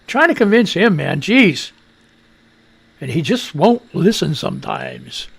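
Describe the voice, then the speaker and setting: A wheezing man with a high, gravelly voice hosts a live radio news show. His pitch swings widely as he rambles through exasperated, sarcastic commentary. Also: wildly swooping pitch, unhurried, fairly bright tone. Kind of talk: casual political commentary.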